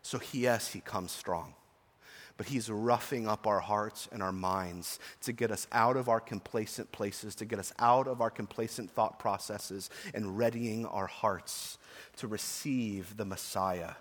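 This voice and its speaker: A man's voice: lowish voice, steady tone, measured pace. A pastor in his forties preaching an earnest, emphatic sermon to his church, with chatty personal asides. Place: church sanctuary. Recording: long reverb of a church hall.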